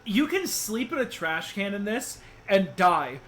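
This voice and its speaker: Young male streamer, fairly high voice, joking commentary, faint noise. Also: very animated, measured pace, fairly bright tone. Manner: joking, laughs often. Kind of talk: casual game stream commentary.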